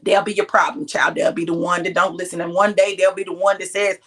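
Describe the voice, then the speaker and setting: A woman's voice: lowish voice, little pitch movement, fast, hardly any pauses, fairly bright tone. A middle-aged woman preaching straight to her listeners, emphatic and direct, drawing out the words she stresses. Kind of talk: sermon-style exhortation.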